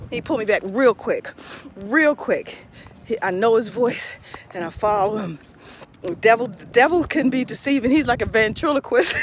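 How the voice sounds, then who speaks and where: A middle-aged woman pastor with a high voice chats and prays on a casual live stream outdoors. She laughs often between phrases, and faint traffic hums behind her. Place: outdoors near a street.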